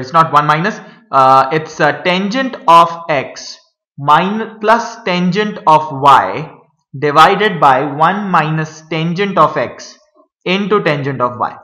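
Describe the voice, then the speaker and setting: Man, math tutor, halting step-by-step explaining, bright tone, roomy echo. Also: on the high side. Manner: hesitant, many fillers, addresses viewers as guys. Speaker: math teacher. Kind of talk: whiteboard math lesson.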